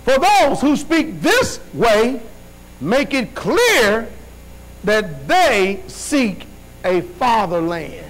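A man's voice: extremely high pitch, big pitch swings, drawn-out words, fairly bright tone, poor audio. A male preacher giving a fervent sermon, reading scripture with rhythmic call-and-response asides.

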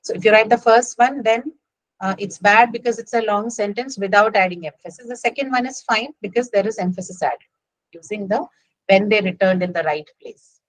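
A woman's voice: mid-range voice, brisk, no echo, low-quality recording. Indian English woman teaching writing. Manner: explains patiently, with frequent "right?" and "okay?" checks. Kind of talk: online lecture.

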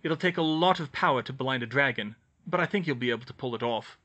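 A man's voice: mid-range voice, pushed and bright. A man reading a lecturing grown wizard. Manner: lecturing, measured. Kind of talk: audiobook reading of fan fiction.

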